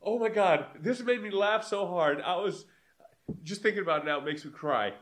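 Animated man telling a story. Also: high-pitched, moderate pace. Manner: animated storytelling, swearing, laughing often. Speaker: podcast co-host. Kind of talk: casual chat.

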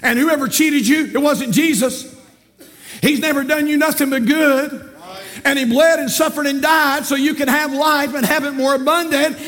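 A pastor with a Southern US accent preaches from the pulpit, his voice sitting very high for a man. He moves between quiet, storytelling passages and ringing, emphatic calls to his church. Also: steady tone, normal speed. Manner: emphatic preaching that rises to shouts and drops low. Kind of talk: sermon with storytelling.

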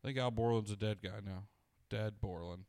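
A man's voice: on the low side, steady tone, quick pace, darkish tone, clean tone, no echo. A man co-hosting a casual podcast, joking and teasing in crude, profane banter. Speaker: podcast co-host.

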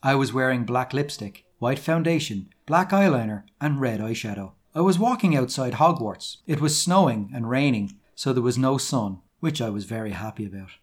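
A British man, a podcast co-host, reads a piece of fan fiction aloud to his friends. His voice sits at an ordinary middle pitch, and he leans mock-dramatically on every over-the-top line. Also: lively intonation, moderate pace, hardly any pauses. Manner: mock-dramatic, stressing the absurd lines.

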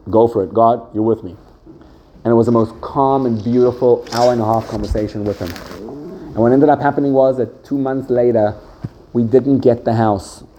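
Male yeshiva teacher, mid-pitched, lively storyteller in a casual Torah class, faint background hiss. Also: moderate pace. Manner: animated, conversational, acts out the voices in his stories.

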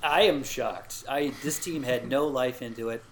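A man co-hosting a casual football podcast, mid-pitched, who recaps scores and swears freely. A faint hiss of noise sits under the recording. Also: fairly bright tone, rough recording. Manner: swears freely, quick jokes. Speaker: podcast co-host. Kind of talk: casual sports chat.

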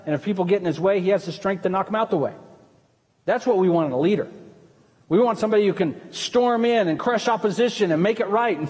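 In a church sanctuary, a male pastor preaches a sermon, speaking conversationally and putting questions to the congregation. His voice sits high and is a little mellow. The church hall adds a long reverb to the recording.

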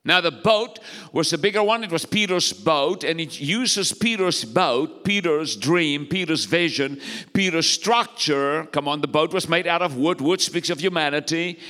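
A man's voice: fairly high pitch, measured pace, bright, forceful tone, in a large hall. A man preaching as pastor, exhorting the congregation and calling for their responses. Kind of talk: sermon.

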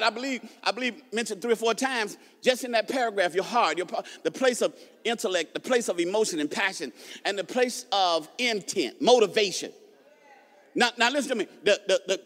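A man preaching a sermon from a stage, animated, breaking into shouted emphasis and stumbling through quick repeated restarts, with playful asides to the crowd. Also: high-pitched, in a large hall. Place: large hall with a stage.

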